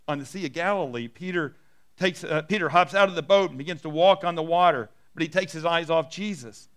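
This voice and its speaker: A middle-aged male pastor preaching a sermon and telling stories, dropping soft and low for quoted lines. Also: brisk, smooth.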